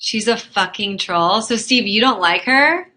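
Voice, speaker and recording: A woman hosting a live webcam chat room from home, talking straight into her phone or webcam. She reads out viewer messages and chats back in a flirty, easily flustered way. Her voice is bright with a sharp edge, at a middle pitch. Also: animated, unhurried. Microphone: phone or webcam mic.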